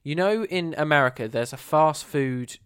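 A man's voice: on the high side, normal speed, fairly bright tone, clear, resonant tone. A man hosting a podcast in casual chat, laughing often and repeating himself as he talks. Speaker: podcast host.

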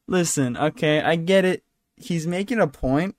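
A tired young man hosts a solo podcast from his desk at home, holding the microphone in his hand. His voice sits a bit high, and the sound is dry and close. He rambles and apologizes often. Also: takes it slowly, long pauses, dry recording. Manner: rambling, self-deprecating, apologetic. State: tired, yawning. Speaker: podcast host. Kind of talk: solo casual podcast chat. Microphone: handheld microphone.

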